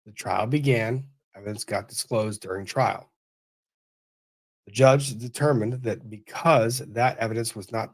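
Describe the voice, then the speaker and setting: A man on a livestream reading out viewer questions and giving short answers about a legal case. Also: medium pitch. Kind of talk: livestream Q&A commentary.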